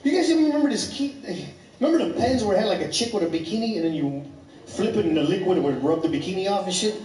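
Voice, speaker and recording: A man in his thirties tells stand-up stories in a rambling, animated, profane way. His voice sits high for a man. He is picked up from a distance in an echoey comedy club. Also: very fast. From Chicago. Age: 30s. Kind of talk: stand-up storytelling.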